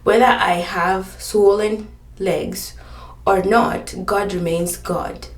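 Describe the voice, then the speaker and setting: Slow and steady, her mid-range voice drifts through a casual home vlog about being pregnant. Tired yet sincere, she wanders from thought to thought, sounding a bit distant from the mic in an echoey room.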